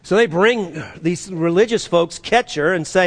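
A man preaching a sermon, animated and acting out the voices he quotes, his voice rising and dropping sharply. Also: high voice, moderate pace, few pauses. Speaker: pastor.

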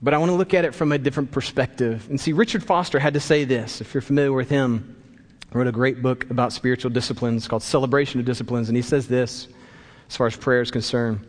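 A man's voice: medium pitch, steady tone, quick pace. A man preaching a sermon in a church, telling a story and acting out the voices in it. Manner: storytelling, acts out voices in quotes. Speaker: pastor. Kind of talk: sermon with an anecdote. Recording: long hall reverb.

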